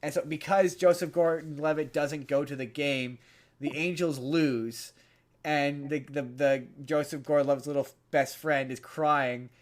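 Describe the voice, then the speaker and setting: A man on a podcast rambles through a movie recap in casual chat, stumbling over restarts and repeated words. His voice sits a little high for a man. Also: steady tone, unhurried. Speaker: podcast host.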